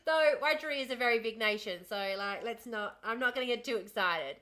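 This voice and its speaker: Talking at a quick pace with few pauses, an Australian woman in her thirties hosts a livestream, rambling casually, answering the chat, and laughing often. Her voice is a little high with a fairly bright tone.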